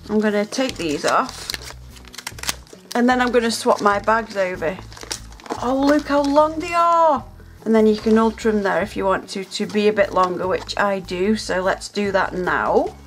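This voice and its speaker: A woman hosting a casual unboxing vlog from home, gushing and excitable, gasping and exclaiming as she talks. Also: mid-range voice. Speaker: nail art channel host.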